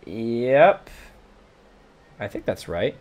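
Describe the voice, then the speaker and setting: A man with an accent that blends British and American speech, playing a strategy game for his channel. He reads the event texts aloud, then drops into easy banter with his stream chat. His voice sits at an ordinary middle pitch. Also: very animated, very slow, phone-quality sound. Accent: mixed British and American. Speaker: gaming channel host. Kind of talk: casual let's-play commentary recorded from a livestream.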